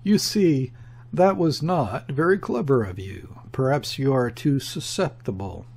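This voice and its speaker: A man's voice: mid-range voice, expressive, a little slow, creaky, breathy edge, heavily acted. A man voicing a mocking, condescending male embassy secretary who speaks sharply and grimly in an audiobook reading. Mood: scornful. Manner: sharp, grim, sneering.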